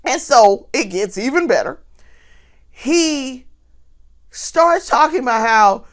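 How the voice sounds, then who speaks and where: A woman vlogger talking straight to the camera, telling a story in an animated way and laughing often. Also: high voice, takes it slowly, pauses often. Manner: talks straight to viewers.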